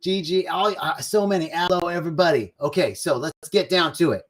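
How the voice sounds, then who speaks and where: A man hosting a live online talk on love, drifting between sung snatches of a love song and easy chat with viewers he greets by name. His voice sits a little on the high side, and he moves between slow, stretched phrases and quick bursts. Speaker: host of a live spiritual talk. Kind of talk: warm-up singing then casual spiritual talk. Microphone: livestream setup.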